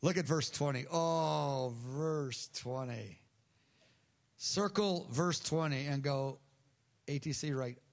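A man preaching a sermon, telling a parable in a lively, animated storytelling way and briefly acting out the people in it. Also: on the high side, measured pace. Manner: animated storytelling, acts out characters' voices.

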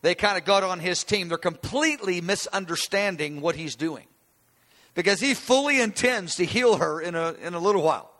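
A man preaching a sermon in a high, bright voice. He teaches from scripture in an easygoing, conversational way, often restarting his phrases. His voice rings out with a long hall reverb. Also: animated, normal speed.

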